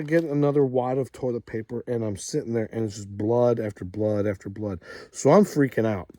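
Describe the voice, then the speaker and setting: A man's voice: mid-range voice, no room sound, studio quality. A man hosting a show, telling a rambling story outdoors in a casual way and getting worked up as he goes. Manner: rambling, animated, quick to get worked up. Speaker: host. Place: outdoors at a ranch.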